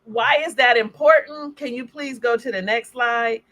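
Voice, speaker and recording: A woman presenting slides as a health educator, speaking in a conversational, animated way and acting out little scenes. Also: fairly high pitch, moderate pace. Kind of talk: presentation talk.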